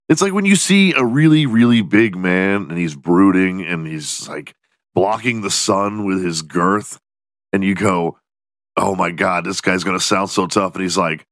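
A man's voice: deep voice, expressive, normal speed, a bit bright, no room sound, clean studio sound. A man hosting a solo podcast, rambling and joking with lots of swearing. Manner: profane, rambling, jokey. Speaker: podcast host. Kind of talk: casual solo podcast rant.

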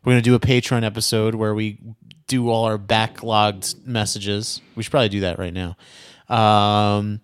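A man with a smooth, clear mid-range voice wrapping up a podcast episode. He rambles through the plugs and fillers at an easy pace. The recording is dry and close. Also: fairly low pitch, level tone, normal speed, no room sound. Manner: loose, rambling, lots of fillers. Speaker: podcast co-host. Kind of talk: casual chat and show outro.

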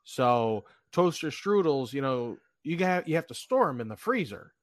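A man co-hosting a casual talk show, laid-back and quick to laugh. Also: mid-range voice, very animated, no room sound, clean studio sound. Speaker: podcast co-host. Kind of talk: casual chat.

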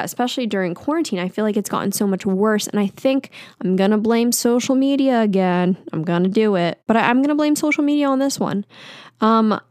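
A woman's voice: medium pitch, a little mellow, dry recording. Candid, rambling young woman in a dry room. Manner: candid, self-deprecating, rambling with fillers. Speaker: vlogger. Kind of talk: casual confessional monologue. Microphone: talking into a mic.

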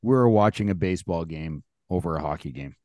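Deep-ish male co-host, blunt and incredulous, dry close mic. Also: animated, fairly quick, darkish tone, no echo. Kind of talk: casual chat.

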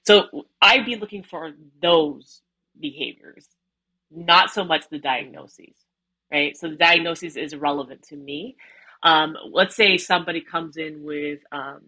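Woman therapist, low bright voice. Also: unhurried, poor audio. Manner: animated, frequent "right?" tag questions. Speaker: psychotherapist guest. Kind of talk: casual conversational interview.

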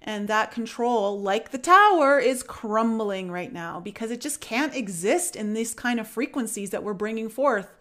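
A woman's voice: a little high, expressive, moderate pace, hardly any pauses, a bit bright. A woman hosting a spiritual podcast in casual conversation, emphatic and earnest when she agrees. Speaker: podcast host.

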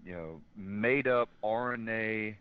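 A man with a fairly low voice speaks as a guest on a talk show. He talks in an earnest, opinionated way and pauses often with fillers. His voice comes through a dull, lo-fi line. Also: smooth. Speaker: guest in law enforcement. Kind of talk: casual political talk.

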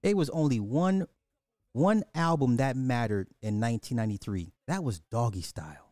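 Man, middle-aged, livestream host, casual commentary, blunt profane rant, repeats himself, warm low timbre, dry sound. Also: animated, moderate pace, no room sound.

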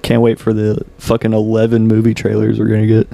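A man with a Kentucky accent, co-hosting a podcast in laid-back banter with quick one-liners. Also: lowish voice, monotone, gravelly, mellow. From Nicholasville, Kentucky. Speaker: podcast co-host. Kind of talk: casual banter.

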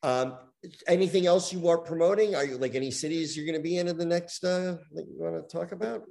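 A man's voice: on the high side, steady tone, fast talker, gravelly, mellow. A man co-hosting a podcast who jokes around and hesitates with fillers. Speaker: podcast co-host. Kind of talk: casual podcast chat.

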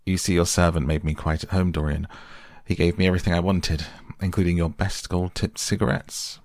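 A man voicing a grave, earnest gentleman painter in a soft bedtime audiobook reading. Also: flat delivery, a little fast, no room sound, clean studio sound. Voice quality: grave, deep. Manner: earnest, pleading.

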